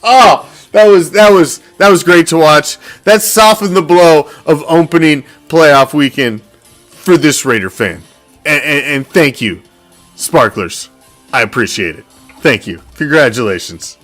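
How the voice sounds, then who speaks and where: A man's voice: on the high side, expressive, measured pace, fairly bright tone. A man hosts a football fan reaction show, talking in a slightly raised voice. He swears freely and gloats, laughing as he rants. Faint music plays behind him. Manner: profane, gloating, laughing often. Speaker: sports podcast host.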